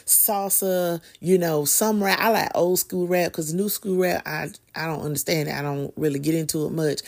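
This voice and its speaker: Chatty middle-aged woman, animated storyteller, podcast host. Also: low voice. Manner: animated, chatty, with Southern slang. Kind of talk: casual storytelling monologue.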